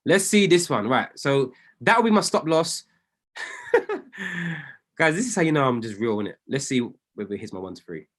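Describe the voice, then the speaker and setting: A man, a trading coach talking casually through trades on screen, excitable and often correcting and apologizing to himself. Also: medium pitch, normal speed, long pauses. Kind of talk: casual commentary while reviewing trades on screen.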